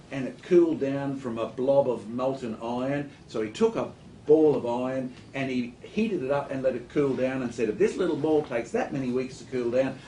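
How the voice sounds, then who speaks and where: A man speaking as a talk-show guest, lecturing in an animated storytelling way with joking asides. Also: medium pitch, roomy sound, slight background noise, low-quality recording. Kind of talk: studio talk show discussion.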